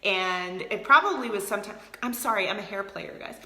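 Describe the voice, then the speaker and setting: A woman's voice: mid-range voice, animated, brisk, bright, forceful tone, echoey room. A woman leading a sales team, chatting casually and energetically in a motivational live video, answering viewers by name. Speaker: team leader of a direct sales group.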